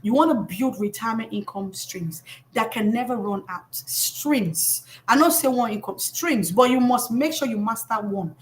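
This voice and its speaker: A middle-aged Nigerian woman, a financial coach giving a live motivational talk in an animated, emphatic way that scolds with humor. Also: a little high, moderate pace.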